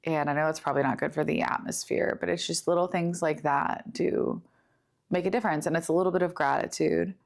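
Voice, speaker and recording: Low-voiced young woman, confiding and gravelly. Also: steady tone. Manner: earnest, confiding, unhurried. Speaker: podcast host. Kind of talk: reflective personal monologue. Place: home studio. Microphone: studio setup with camera.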